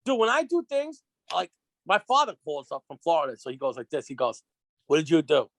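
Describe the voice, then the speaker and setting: A man as a podcast guest, telling stories in an excitable, rambling way, full of restarts and acted-out quotes. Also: fairly high pitch, brisk, no echo. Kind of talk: casual storytelling chat. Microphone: podcast microphone.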